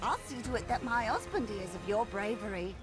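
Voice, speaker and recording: A woman's voice: mid-range voice, lively intonation, fairly quick, lightly acted. An actress playing a grateful noblewoman in a video game, speaking in formal, gracious period speech. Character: grateful noblewoman rescued from thugs. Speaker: game character. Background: game music.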